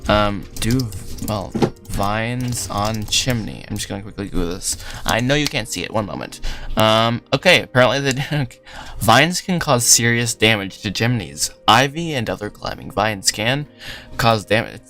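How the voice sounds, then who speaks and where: A man's voice: fairly low pitch, animated, moderate pace, pushed and bright. A young man hosting a casual livestream, talking loosely while he works, rambling, trailing off and laughing often. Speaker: livestream host. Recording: faint lofi music behind.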